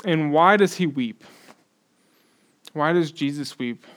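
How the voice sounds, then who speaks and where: A man preaching a sermon in a conversational style, with frequent restarts, building to loud emphatic stretches. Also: fairly high pitch, slow. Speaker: pastor.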